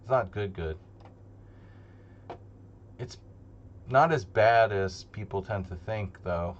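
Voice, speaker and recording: A man's voice: on the low side, slow pace, dull audio, slight background noise. A man streaming live online chess, thinking aloud as he plays, joking and muttering to himself. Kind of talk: live commentary while playing online chess. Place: home streaming setup.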